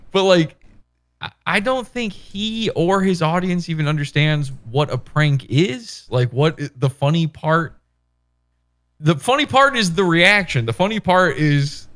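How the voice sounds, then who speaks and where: A man hosting a podcast, rambling in casual, profane chat and acting out quoted lines. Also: medium pitch. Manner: rambling, animated, acts out quotes. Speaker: podcast host.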